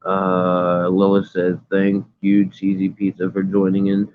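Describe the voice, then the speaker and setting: Guy going live off his phone, low flat voice, tinny phone sound, rambles on all earnest. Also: takes it slowly, slight background noise. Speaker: livestream host. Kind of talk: casual livestream, reading chat aloud.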